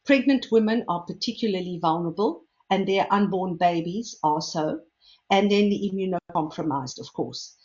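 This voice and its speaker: An older woman, a food safety expert giving a measured, explanatory lecture and stressing key words. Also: lowish voice, a little mellow, muffled recording. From South Africa. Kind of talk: lecture presentation.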